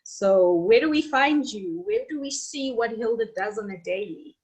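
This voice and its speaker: Young woman, husky voice, friendly, webinar moderator. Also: fairly high pitch, expressive, normal speed, low-quality recording. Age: young adult. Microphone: video call.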